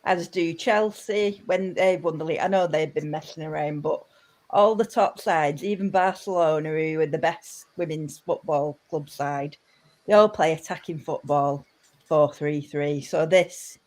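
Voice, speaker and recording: A woman's voice: low voice, a little slow. A woman speaking as a podcast guest, casual and emphatic. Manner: animated, emphatic. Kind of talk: casual chat.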